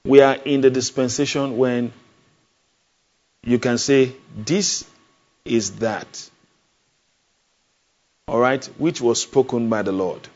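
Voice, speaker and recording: Male pastor, mid-pitched, preaches with emphatic questions and repetition; lo-fi capture. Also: fairly even intonation, unhurried, a little mellow. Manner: emphatic, call-and-response questions, repeats phrases. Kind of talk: sermon. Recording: dull lo-fi sound.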